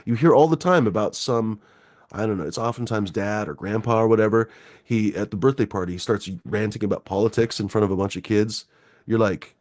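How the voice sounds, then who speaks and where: Middle-aged male call-in host, low voice, dry close sound, swearing, rambling, sarcastic. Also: a little fast, a little mellow, no echo. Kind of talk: casual political rant.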